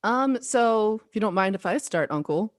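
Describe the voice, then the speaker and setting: A woman from Colorado, a returning guest who works as an esthetician, chatting in a relaxed way with frequent laughs and lots of fillers. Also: mid-range voice, moderate pace, dry recording, clean studio sound. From Colorado, USA. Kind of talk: casual podcast conversation.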